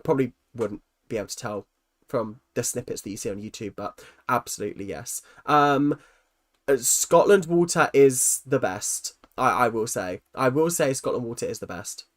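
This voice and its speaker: A man's voice: medium pitch, expressive, moderate pace. A young man hosting a livestream, reading out chat comments and answering with teasing, self-mocking jokes and lots of ums. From London. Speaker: livestream host.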